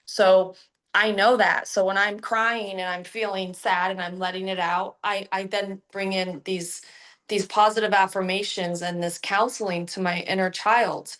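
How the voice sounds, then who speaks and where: A young adult woman, a hypnotherapist, talking about healing in a casual, animated, slangy way. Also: mid-range voice, unhurried. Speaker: guest hypnotherapist. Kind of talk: casual podcast chat.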